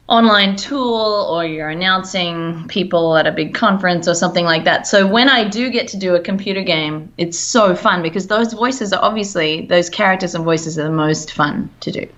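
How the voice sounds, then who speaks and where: A woman's voice: on the low side, a bit bright, dull audio. An Australian woman, a voice actor, chatting casually in an interview, laughing easily and sometimes trailing off. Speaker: voice actor guest.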